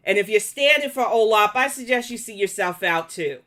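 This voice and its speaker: A woman's voice: medium pitch, animated, brisk, a bit bright. A woman with a New York accent hosting a live commentary stream, blunt, profane and confrontational as she answers her chat. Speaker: commentary livestream host.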